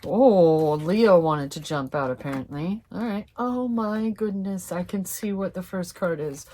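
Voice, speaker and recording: A young woman doing a casual tarot reading to camera, chatty and excitable, swearing freely and calling her viewers fam. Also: fairly low pitch, measured pace, few pauses. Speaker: tarot reader.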